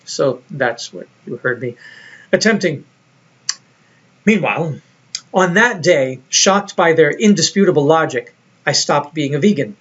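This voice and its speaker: A man narrating a recorded lecture in a reflective, storytelling way, on a dull lo-fi recording. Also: fairly high pitch. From United States.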